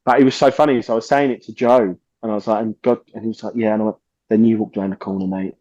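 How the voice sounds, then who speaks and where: Man, podcast guest, animated storyteller, swears a lot, dry close sound. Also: fairly low pitch, racing, no echo, highs cut off. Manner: animated storyteller, swears freely, acts out quotes. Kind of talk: casual anecdote telling.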